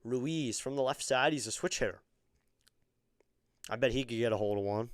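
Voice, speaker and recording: A man giving excitable live fan play-by-play of a baseball game on his stream, chatting with viewers between pitches. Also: moderate pace, no room sound, clean studio sound. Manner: chatty, excitable on big plays.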